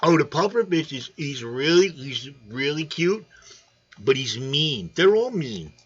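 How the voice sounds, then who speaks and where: A man's voice: on the high side, very animated, unhurried, a bit bright, slightly rough. Chatty rambling man on lo-fi stream. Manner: rambling, joking, talks to chat by name. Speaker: aquarium channel host. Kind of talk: casual livestream chat. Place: home room.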